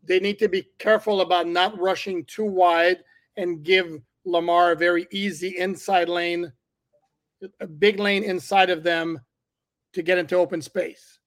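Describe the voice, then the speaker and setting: A high-pitched man talks on a casual sports podcast. He analyzes plays carefully and needles his co-host in a dry, teasing way. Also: steady tone, unhurried, a bit bright.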